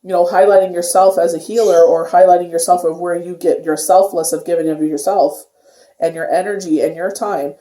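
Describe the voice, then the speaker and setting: A tarot reader talks through a casual daily card reading in a warm, mellow voice that keeps looping back with loose filler phrases. The sound carries a noticeable room echo around the voice. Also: medium pitch, steady tone, a little fast. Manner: rambling, filler-heavy talk with many "you know"s. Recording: echoey room.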